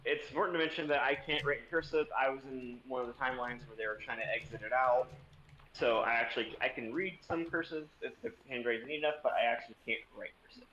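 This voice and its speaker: A man's voice: medium pitch, fairly even intonation, fast talker, sharp tone, dull audio, a little hiss or hum. A young man, a streamer, casually telling a rambling story and swearing freely.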